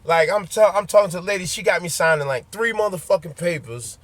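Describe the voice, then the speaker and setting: A man's voice: sits high, quick pace, a bit bright, dry recording. A man who drives trucks, ranting bluntly and profanely to his viewers in a casual vlog, repeating his points and speaking straight to them.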